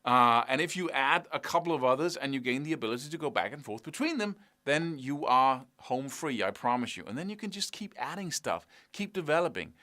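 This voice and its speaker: A man's voice: medium pitch, lively intonation, fairly quick, hardly any pauses, pushed and bright. A man teaching an online guitar lesson, enthusiastic and encouraging, often checking in with "right?" and "you know".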